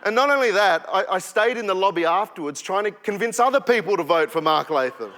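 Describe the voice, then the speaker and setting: A young Australian man performing spoken-word poetry on stage, with a rhythmic, punchy delivery that swings between sudden drops and loud bursts. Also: high voice, expressive, fairly quick. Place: performance hall. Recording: long hall reverb.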